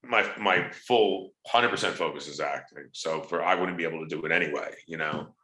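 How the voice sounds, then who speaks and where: Low, punchy male wrestler-actor, lively storyteller, roomy echo. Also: normal speed. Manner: animated storyteller, acts out quoted voices. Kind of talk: casual interview chat.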